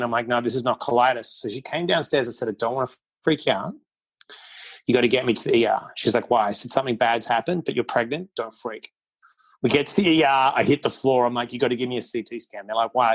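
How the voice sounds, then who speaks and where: A middle-aged man, a podcast guest, tells a personal story candidly and bluntly, acting out quotes as he goes. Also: medium pitch. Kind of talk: casual storytelling interview.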